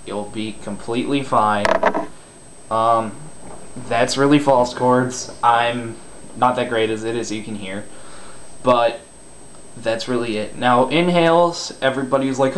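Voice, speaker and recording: Man, casual tutorial, loose crude slang, mid-pitched voice, faint hiss. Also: a little slow, long pauses. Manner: loose, rambling and self-deprecating, with crude slang. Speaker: vocal screaming tutor.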